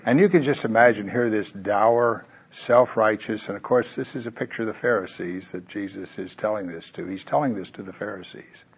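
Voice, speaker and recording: A man delivers a sermon in a conversational, animated way, slipping into quoted voices of the story's characters. His voice is somewhat low and husky. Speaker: preacher.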